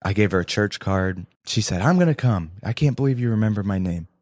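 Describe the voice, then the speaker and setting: Young male podcast co-host, low voice, earnest storyteller, dry close mic. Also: fast talker, no room sound. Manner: earnest, animated storytelling with quoted dialogue. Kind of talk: storytelling testimony.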